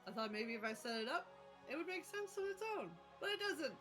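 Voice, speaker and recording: Slightly high, playfully dramatic woman streamer. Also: big pitch swings, brisk, fairly bright tone, faint music behind, rough recording. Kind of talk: casual game-stream chat.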